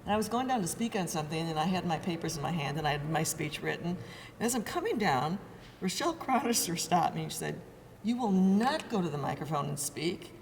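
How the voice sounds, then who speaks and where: An older woman, a former state legislator, recalling stories with lively self-mocking laughter. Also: deep voice, fast talker, in a large hall, a little hiss or hum. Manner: lively storytelling, laughing at herself. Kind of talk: oral history reminiscing.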